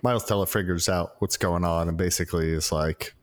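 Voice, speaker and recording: A man's voice: deep voice, steady tone, brisk. A man casually recapping a movie he watched, rambling with lots of fillers and swearing. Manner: rambling, profane, many fillers. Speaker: podcast co-host reviewing a movie. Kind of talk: casual chat.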